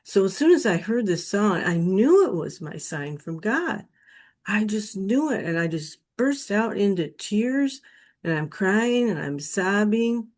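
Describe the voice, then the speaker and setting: A woman's voice: mid-range voice, sing-song, darkish tone. A woman telling her personal near-death experience story in an earnest, emotional way. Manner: slow, earnest, emotional retelling.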